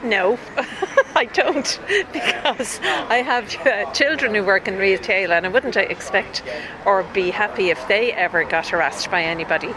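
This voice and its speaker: A woman, a parent, talking calmly on the street. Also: mid-range voice, unhurried. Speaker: passer-by, parent. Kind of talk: street vox pop. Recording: street traffic noise.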